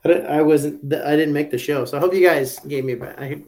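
A man's voice: a little high, brisk. A man chatting casually on a fishing show, telling stories and acting out the people he quotes. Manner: animated storyteller, acts out quotes. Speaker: fantasy fishing show regular. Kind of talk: casual chat.

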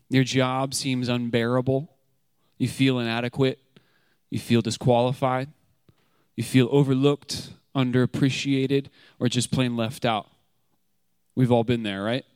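A man's voice: mid-range voice, dry recording, clean studio sound. A man giving a short sermon to a congregation, casual and candid, with frequent fillers and rhetorical questions, growing emphatic as he tells the story. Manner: grows emphatic and animated when telling the story.

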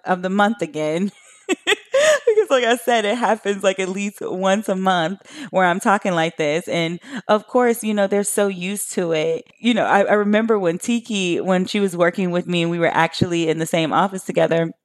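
A woman podcast host in her thirties talks straight to her listeners, chatty and emphatic. Her voice sits a little low for a woman. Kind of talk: solo podcast monologue.

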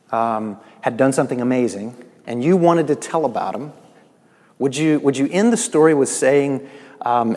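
A man preaching a sermon as pastor, emphatic and full of rhetorical questions, swinging between loud, urgent lines and quiet, hushed ones. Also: mid-range voice. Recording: reverberant hall.

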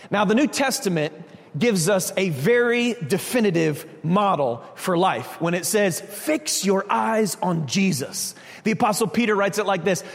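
High-voiced man preaching in a reverberant hall. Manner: animated preaching with acted-out quotes. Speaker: pastor. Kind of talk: sermon.

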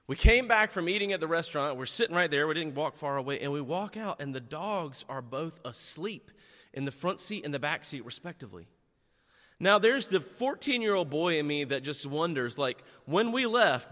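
A middle-aged man preaching a sermon, telling stories in an animated, chatty and self-deprecating way. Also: on the high side, brisk. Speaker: pastor. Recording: long echo of a large hall.

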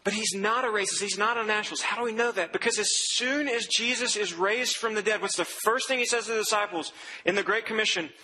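A man preaches in a relaxed, conversational manner, now and then acting out the people in the story. His voice is high and strikingly bright. It rings out with a long reverb, as in a church sanctuary. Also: fast talker, slight background noise. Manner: conversational preaching, quotes scripture and acts out voices. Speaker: pastor. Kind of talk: sermon.

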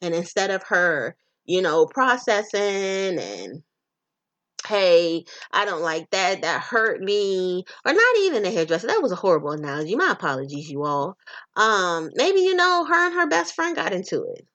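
A woman hosting a podcast, speaking in a casual, profane, animated monologue about relationships and addressing her listeners directly. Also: mid-range voice, moderate pace.

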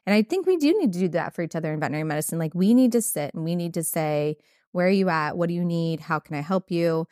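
Woman, veterinarian, casual candid storytelling, lowish pitch, dry recording. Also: expressive, fast, dark tone, no echo. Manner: candid storytelling with many fillers. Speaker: podcast host, veterinarian. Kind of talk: casual conversation.

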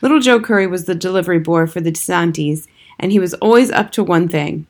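A woman reading a children's book aloud as narrator, steady and expressive. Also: fairly low pitch, fast talker. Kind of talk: scripted storybook narration.

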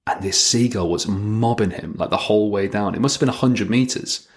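A man's voice: on the low side, brisk. A man in his thirties hosting a solo podcast, chatting in a wry, rambling way. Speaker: podcast host. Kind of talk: casual solo podcast monologue.

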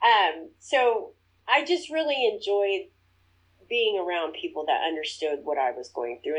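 A woman talks through a personal story as an interview guest. Her voice sits at a middle pitch, and she speaks earnestly. It lifts and quickens when she acts out her own past thoughts. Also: low-quality recording.

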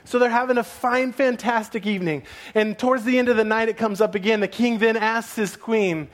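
Animated preacher with a high voice. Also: male voice, a little fast, hardly any pauses. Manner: animated, dramatic retelling. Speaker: pastor. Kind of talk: sermon storytelling.

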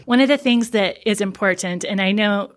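Earnest woman trauma counselor. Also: medium pitch. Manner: earnest, slows down to stress points. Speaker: trauma counselor and center founder. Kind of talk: casual podcast interview.

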